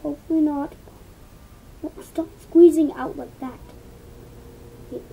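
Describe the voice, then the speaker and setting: A woman's voice: high-pitched, fairly even intonation, a little slow, vocal fry, phone-quality sound. A woman vlogger chatting casually to viewers while painting, rambling through asides and self-talk.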